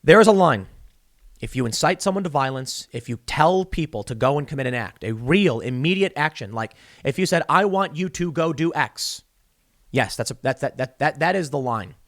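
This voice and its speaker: A man's voice: mid-range voice, animated, brisk, no echo, studio quality. A man hosting a podcast, delivering solo political commentary in an emphatic, argumentative way, building long analogies to make his point. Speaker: podcast host.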